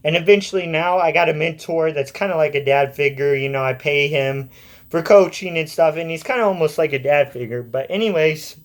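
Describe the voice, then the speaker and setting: Young man in his twenties, slightly high voice, casual and blunt, swears freely. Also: brisk. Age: 20s. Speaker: vlogger. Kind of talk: casual personal storytelling.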